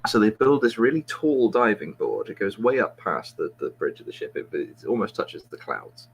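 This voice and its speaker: A man's voice: lowish voice, big pitch swings, normal speed, gravelly, a little hiss or hum, low-quality recording. A man, a podcast host, telling a long, rambling joke with plenty of restarts and jokes at his own expense. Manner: rambling, self-mocking storyteller with frequent restarts. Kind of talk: casual joke telling among friends.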